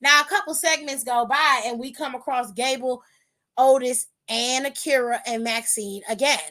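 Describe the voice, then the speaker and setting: A woman hosts a podcast in a high, bright voice, recapping the night's show in a loose, chatty way. She is blunt and swears freely, tossing in sassy asides and playful jabs. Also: steady tone, moderate pace. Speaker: podcast host. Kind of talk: casual wrestling recap.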